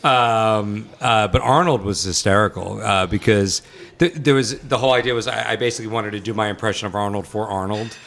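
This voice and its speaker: A man, a film director, chatting as a guest on a film set, telling animated stories and laughing easily. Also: on the low side, vocal fry. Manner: animated storyteller, quick to laugh. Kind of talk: casual interview chat.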